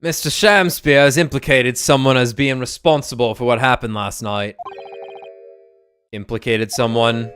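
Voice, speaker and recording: A man voicing a brisk, officious British police inspector while reading game dialogue aloud on a stream. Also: medium pitch, steady tone, fairly bright tone, slight background noise, natural voice.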